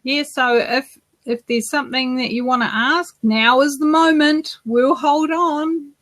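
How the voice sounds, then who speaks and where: A woman's voice: high voice, steady tone, measured pace, fairly bright tone, no room sound. Chatty New Zealand woman co-hosting. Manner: chatty, many fillers and restarts. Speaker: podcast co-host. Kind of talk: casual live Q&A chat.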